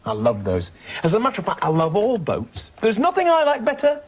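A man's voice: sits high, huge pitch swings, brisk, slightly rough. A man presenting a children's TV show, chatting cheerily and teasing his puppet friends. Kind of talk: scripted talk to puppets.

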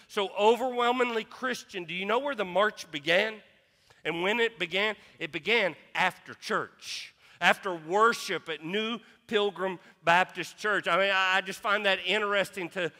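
A man's voice: high voice, pushed and bright, in a large hall. A man preaching a sermon as pastor, impassioned, who often repeats himself on restarts. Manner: impassioned, repeats words, quotes scripture. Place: church sanctuary.

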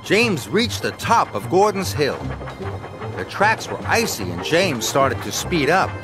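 Brief: male cartoon narrator, slow, lively storyteller, music under him. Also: on the high side. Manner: slow, warm and expressive storytelling.

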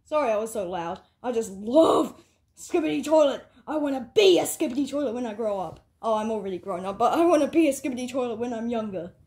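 A woman's voice: a little high, animated, fast. A woman voicing a goofy, rambling plush character who acts as judge in a homemade comedy skit. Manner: silly, rambling, bursts into yelling.

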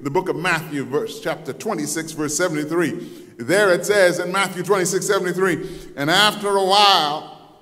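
A man preaching a sermon, telling the story dramatically and acting out voices, moving between loud, intense passages and soft asides. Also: fairly high pitch, normal speed. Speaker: pastor. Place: church sanctuary. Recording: long hall reverb.

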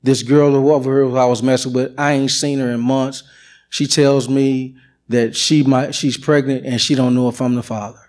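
A middle-aged man tells his story to a church congregation, earnest and openly emotional. His voice sits at an ordinary pitch for a man, and he speaks plainly like someone sharing a testimony. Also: little pitch movement, moderate pace, a little mellow. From United States. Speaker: church member giving testimony. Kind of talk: personal testimony.

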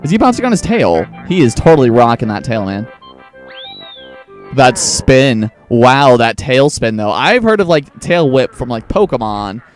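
A man's voice: medium pitch, big pitch swings, measured pace, faint music behind. Chatty young man narrating gameplay. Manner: chatty, rambling, lots of "like". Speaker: gaming channel host. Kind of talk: casual let's-play commentary.

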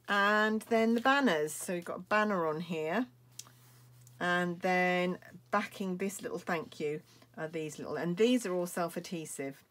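A UK craft demonstrator with a lowish, slightly bright voice chats casually while showing off a card-making kit. She gushes about it, with plenty of ums and restarts.

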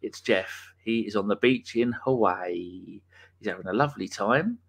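A man's voice: fairly low pitch, moderate pace, gravelly, breathy edge. A man, hosting a live podcast and chatting casually, reading out viewers' names with banter and the odd swear. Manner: banter, reads chat names aloud, swears. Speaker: podcast host. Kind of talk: casual live-stream chat.

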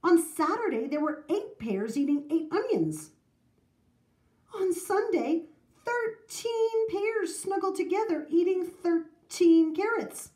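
A woman reading a children's math storybook aloud in an expressive, sing-song way. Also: extremely high pitch, slow pace, roomy sound.

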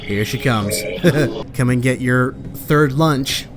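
A man playing a horror game and commenting as he goes. He swears at the characters and talks back at the game, then breaks into loud, panicked yelps. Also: medium pitch, slow, heavy background noise. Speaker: let's play gamer.

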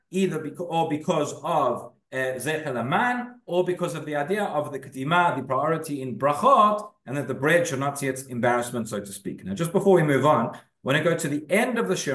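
A man's voice: on the high side, fairly bright tone. Man teaching in an echoey room. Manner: conversational, reads sources aloud, frequent fillers and restarts. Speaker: rabbi teaching a class. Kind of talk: casual spoken Torah class. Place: synagogue room.

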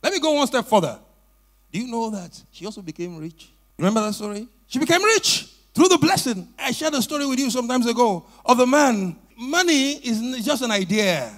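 A man's voice: very high-pitched, a little fast. A male pastor preaching a sermon in church, telling a story and calling on the congregation to respond. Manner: animated storytelling with call-and-response.

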